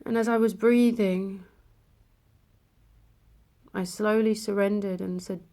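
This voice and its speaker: A woman speaks to camera about a personal spiritual experience. Her telling is emotional and intimate, with passages that fall to a hush. Her pitch sits in the middle. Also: fairly even intonation, takes it slowly, long pauses. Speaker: vlogger.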